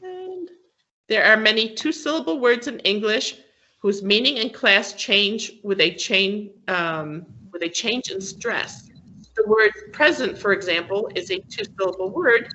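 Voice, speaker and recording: A woman teaching English who explains patiently, often stopping to check that her students follow. She talks slowly and her pitch rises and falls a lot. Her voice is bright and comes through dull, lo-fi online class audio. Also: sing-song, slight background noise. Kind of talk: classroom lesson on word stress.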